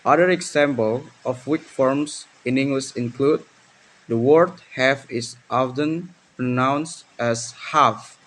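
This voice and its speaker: A young man from Indonesia, presenting a pronunciation lesson as a student in a slow, deliberate way. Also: medium pitch. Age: young adult.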